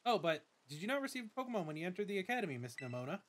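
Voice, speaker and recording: A man's voice: high voice, big pitch swings, rapid-fire, voice pushed up. A man voicing a formal, slightly pompous older male academy director while reading game dialogue aloud.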